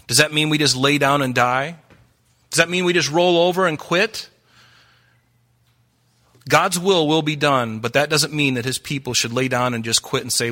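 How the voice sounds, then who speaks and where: Man, pastor preaching, urgent rhetorical questions, bright forceful voice. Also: medium pitch. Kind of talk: sermon.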